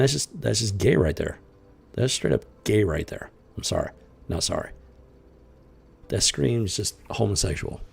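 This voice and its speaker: A man's voice: lowish voice, gravelly, a little mellow, slightly rough. A man hosting a casual comic book commentary, exasperated and blunt, swearing freely and often stumbling over his restarts. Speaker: host.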